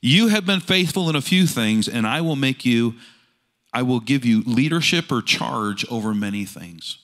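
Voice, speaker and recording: Lively, bright-voiced male pastor preaching. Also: mid-range voice, moderate pace. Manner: animated storytelling, rhetorical questions. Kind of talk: sermon.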